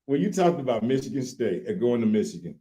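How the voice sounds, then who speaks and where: A man in his late fifties from Louisiana with a Southern accent, co-hosting a casual livestream chat in a folksy, animated way. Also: mid-range voice, quick pace, a little hiss or hum. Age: late 50s. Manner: folksy, animated, repeats "look here". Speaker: co-host.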